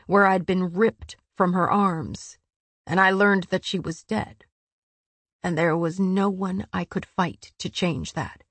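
A woman reading the lines of a fierce winged male warrior with icy, controlled fury, speaking in a low, clipped, intense way. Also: dry recording.

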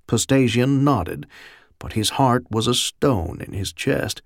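Brief: male audiobook narrator, measured delivery, gravelly texture, dry close sound. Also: mid-range voice, dry recording. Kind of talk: scripted narration.

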